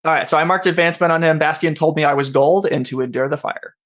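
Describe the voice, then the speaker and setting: A man's voice: on the high side, quick pace, fairly bright tone. A man running a tabletop role-playing game as game master, often stopping and restarting his sentences.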